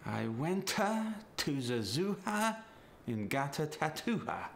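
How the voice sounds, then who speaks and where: A man's voice: a little high, big pitch swings, slow pace, vocal fry, slight background noise. A man repeating phrases hesitantly, with many filler sounds. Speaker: accent demonstrator.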